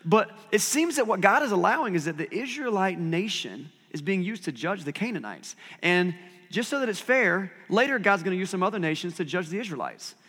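A man's voice: sits high, sing-song, brisk, fairly bright tone, big-room sound. A man preaching a sermon as pastor, talking conversationally with self-deprecating asides.

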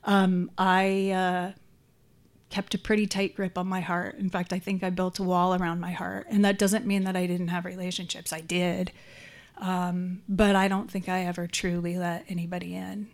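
A woman's voice: on the low side, level tone, moderate pace. A middle-aged woman giving a candid, reflective personal share at a support group meeting, with frequent ums. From San Francisco Bay Area. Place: meeting room.

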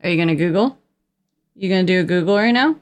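A young woman co-hosting a casual movie podcast, animated and chatty, with lots of fillers and restarts. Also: on the low side, quick pace. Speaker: podcast co-host.

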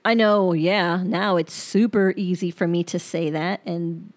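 A woman's voice: fairly low pitch, steady tone, measured pace, soft background music. A woman hosting her own podcast, talking in a candid, reflective and rambling way. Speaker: podcast host. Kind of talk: personal podcast monologue.

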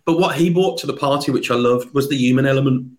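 A man's voice: medium pitch, fast, darkish tone. A man with a Birmingham accent, talking as a sales trainer guest in an upbeat, talkative podcast interview.

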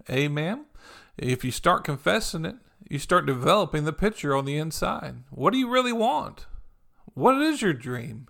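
Gravelly pastor preaching with frequent amens. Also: male voice, fairly high pitch, a bit bright. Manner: conversational preaching with frequent "amen" and "you know"; repetitive, encouraging cadence. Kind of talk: sermon.

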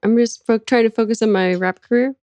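A woman's voice: on the high side, brisk, darkish tone, no echo, highs cut off. A woman co-hosting a podcast, chatting casually with wry, joking asides. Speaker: podcast co-host. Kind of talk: casual chat.

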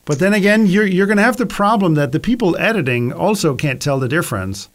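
A man's voice: high-pitched, very animated, fast talker. A man planning a film shoot, thinking aloud as he works through ideas. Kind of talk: casual chat.

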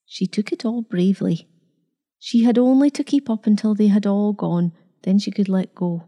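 A woman reading a novel aloud in a measured, dramatic storytelling manner. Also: medium pitch, mellow. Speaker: narrator. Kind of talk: scripted narration.

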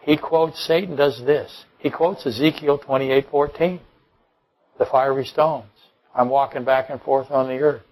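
A man's voice: medium pitch, fairly even intonation, a little slow, darkish tone, rough recording. A man preaching a sermon to his congregation as pastor, emphatic, with rhetorical questions and dry jokes. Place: church.

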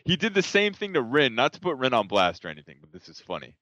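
A man co-hosting a podcast, telling a story in a laughing, animated way. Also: medium pitch, fast talker, no echo. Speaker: podcast co-host. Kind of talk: casual storytelling chat. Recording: dull, dry lo-fi audio.

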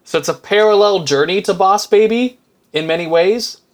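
A man's voice: high voice, normal speed. A man co-hosting a movie review podcast, talking in a wry, joking way with plenty of fillers. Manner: wry, dry humor with frequent fillers. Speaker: podcast co-host. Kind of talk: casual movie review chat.

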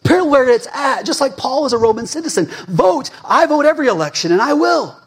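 A male pastor in his forties preaching a sermon in a fired-up, conversational way, swinging between loud emphasis and hushed asides. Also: extremely high pitch, lively intonation, brisk, husky.

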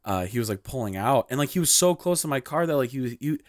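A young man co-hosting a podcast, telling a story in casual chat, animated and full of "like", acting out what people said. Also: medium pitch, quick pace, no room sound, studio quality. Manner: animated, acts out quoted lines, heavy use of "like". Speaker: podcast co-host.

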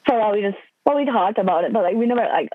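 A woman's voice: mid-range voice, animated, very fast, dry recording. Chatty young woman over a phone line. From Wisconsin, USA. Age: 20s. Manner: chatty, lots of "like" fillers. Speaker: guest. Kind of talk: casual storytelling. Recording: dry phone-line sound.

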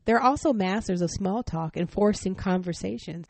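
A middle-aged woman hosting a parenting podcast, telling a family story in a frank, animated way, laughing often. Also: mid-range voice, normal speed, gravelly, no echo. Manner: stern, frank. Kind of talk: personal storytelling.

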